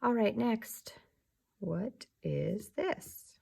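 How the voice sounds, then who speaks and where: Young teacher lady talking to little kids, super slow and soft, husky fry in her voice, slips into whispers. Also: lowish voice, lively intonation. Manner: slow, soft and patient, often drops to a whisper. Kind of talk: slow, gentle remote class lesson for young children.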